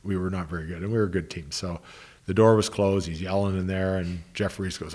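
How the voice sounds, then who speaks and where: A man's voice: low voice, steady tone, fairly quick, darkish tone. A middle-aged man, a former pro hockey player turned coach, telling stories in a loose, rambling interview style full of "you know" and restarted sentences. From Canada, Ottawa. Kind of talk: casual interview storytelling.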